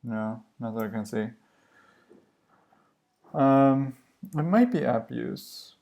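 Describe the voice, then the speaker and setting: A man live coding on a stream, thinking aloud in a musing, halting way and questioning himself as he works. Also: mid-range voice, vocal fry, warm tone. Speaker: livestream coder.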